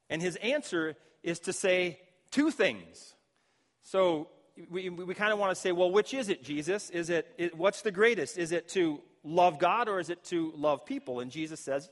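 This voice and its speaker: A man preaching as pastor, his voice sitting a little high for a man. He speaks earnestly and reflectively, restarting phrases as he works through the text. The sound carries a long reverb, as in a hall. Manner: earnest, reflective, with frequent restarts while quoting scripture. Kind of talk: sermon.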